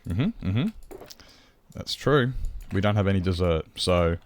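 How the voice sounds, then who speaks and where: Low-voiced Australian man chatting. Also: lively intonation, a little slow, a little hiss or hum. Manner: rambling, reads and answers chat. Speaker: streamer. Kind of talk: casual chat while playing a game.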